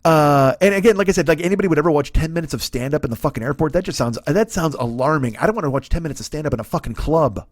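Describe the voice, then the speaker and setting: A man's voice: a little high, lively intonation, racing, hardly any pauses, dry recording, studio quality. A man in his forties, a comedian hosting his own podcast, ranting through a profane comedic monologue. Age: 40s. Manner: ranting, heavy swearing.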